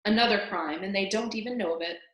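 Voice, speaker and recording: Gruff old-time prisoner, rough folksy grammar, guilt-ridden, woman reading, echoey room. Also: mid-range voice, quick pace, fairly bright tone, lightly acted. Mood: confessing. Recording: roomy echo.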